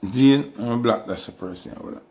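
A man's voice: medium pitch, moderate pace, darkish tone. A man with a Jamaican accent delivering an impassioned, pleading monologue with lots of repetition. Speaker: artist giving commentary.

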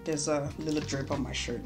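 A young woman chats her way through a makeup tutorial, teasing herself as she goes. Her voice sits a little low, and faint music plays underneath. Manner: chatty, self-mocking, talks while doing makeup. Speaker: beauty vlogger. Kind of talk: casual chatty makeup tutorial. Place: home room.

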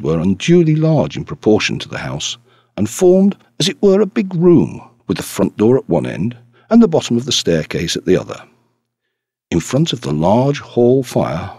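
A man reading a classic detective story aloud as an audiobook narrator, with expressive storytelling. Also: on the low side, husky, no echo. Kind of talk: scripted narration.

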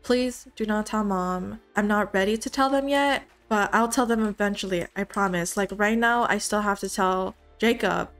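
A woman's voice: medium pitch, normal speed, few pauses, fairly bright tone, faint music behind, close to an everyday voice. A woman voicing an anxious young female university student who pleads and confides in her brother in a life-simulation game. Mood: pleading. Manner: nervous, pleading.

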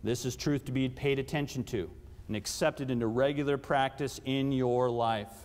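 A man's voice: medium pitch, steady tone, normal speed, a little mellow. A man, a pastor, preaching a sermon and putting questions to his congregation, his voice rising for emphasis. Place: church sanctuary. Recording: long church hall reverb.

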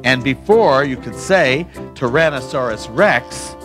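A man reading his own picture book aloud, animated and expressive. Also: mid-range voice, unhurried, music in the background. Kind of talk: storybook read-aloud.

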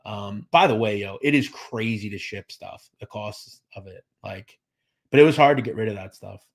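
A man's voice: on the low side, normal speed, gravelly. A man hosting a live show, chatting casually, reading viewer comments and thanking them by name, with lots of fillers and restarts. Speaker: podcast host reading live chat. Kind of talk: casual livestream chat.

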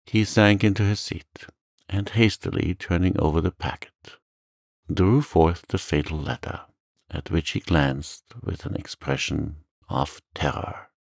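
A man with a very low, gravelly voice narrates a sleep story in a slow, soothing, soft-spoken way. The sound is close and dry, with no room around it. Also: no room sound. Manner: calm, soothing. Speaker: audiobook narrator.

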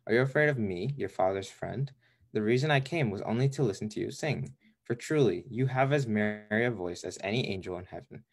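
A man voicing a sly, flattering male fox in a storybook reading, with smooth, coaxing courtly speech. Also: on the low side, a little fast.

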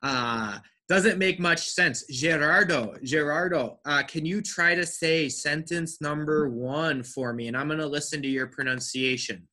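A man teaching an online English pronunciation class, speaking slowly and carefully and praising students. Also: on the high side, bright, forceful tone. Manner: slow, careful enunciation with encouraging feedback.

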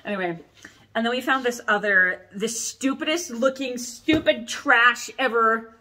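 A young adult woman hosting a casual product vlog, rambling and animated as she chats about corsets. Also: fairly high pitch, unhurried. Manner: rambling, animated, laughs and coughs often. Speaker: corset shop host.

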